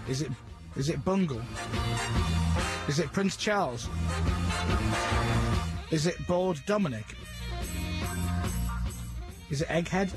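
A man's voice: on the high side, expressive, slow pace, long pauses, over loud music. A man hosting a morning radio show, teasing and joking with his co-hosts. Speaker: radio host.

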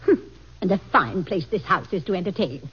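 An actress playing a chatty, complaining housekeeper in 1940s radio-acting style. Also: female voice, on the low side, expressive, fairly quick, husky. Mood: grumbling. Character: fussy, gossiping woman housekeeper. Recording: dull old radio recording.

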